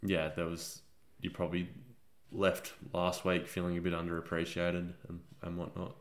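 Deep-voiced laid-back man. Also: completely flat delivery, moderate pace. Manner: rambling, laid-back, trailing off. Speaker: podcast co-host. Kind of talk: casual chat.

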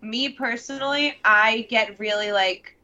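A young woman co-hosting a casual podcast chat, telling rambling, animated stories full of "like.". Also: a little high, unhurried, highs cut off. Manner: rambling, animated storytelling with many "like"s. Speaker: podcast co-host.

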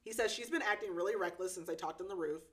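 A woman's voice: on the low side, fast, fairly bright tone. A young woman co-hosting a podcast, casually recapping a book, chatty, with lots of "like" fillers and frequent laughter. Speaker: podcast co-host.

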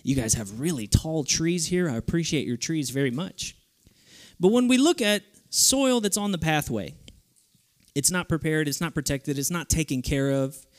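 A young man preaching a sermon to a youth group, lively and playful in his delivery. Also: fairly high pitch, normal speed. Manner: lively, playful, switches into goofy voices for stories. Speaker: youth speaker.

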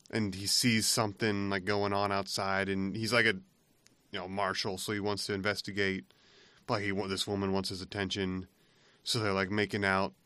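A lower-pitched man talks in loose, rambling podcast chat and laughs at his own stories as he goes. The sound is dry and close to the mic, with no room echo. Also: bright, forceful tone, clean tone. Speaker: podcast co-host. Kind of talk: casual chat.

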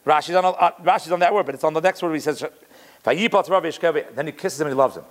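A man teaching a Torah class in a lively, conversational way, weaving Hebrew quotations into plain talk. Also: fairly high pitch, quick pace. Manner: animated, conversational, mixes Hebrew quotes in.

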